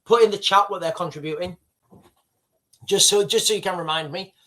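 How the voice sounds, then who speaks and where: Talking to his chat, this British livestream host, a middle-aged man from the UK, wanders off topic and rambles through casual commentary. He speaks a little fast in a high, fairly bright voice.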